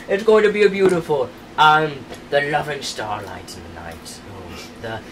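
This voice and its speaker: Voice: mid-range voice, expressive, a little slow. Giggly rambling rpg player, far off the mic, lots of noise behind. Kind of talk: casual tabletop play. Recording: noisy, from off mic.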